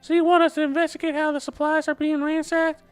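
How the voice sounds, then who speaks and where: A man's voice: very high voice, flat delivery, fast, faint music behind, voice pushed up. A man voicing a sardonic young woman mercenary, reading game dialogue in a raised voice.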